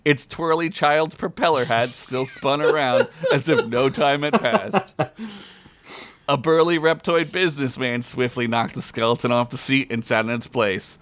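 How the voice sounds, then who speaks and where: A man's voice: unhurried, a little hiss or hum. A man reading a comedic fantasy story aloud on a podcast, chuckling often as he goes. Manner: reads aloud with frequent chuckles, loud high character voices.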